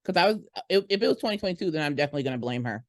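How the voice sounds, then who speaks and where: A woman's voice: low voice, animated, rapid-fire, dry recording, clean studio sound. A woman co-hosting a podcast, blunt, profane and wisecracking. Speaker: podcast co-host. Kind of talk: casual podcast chat.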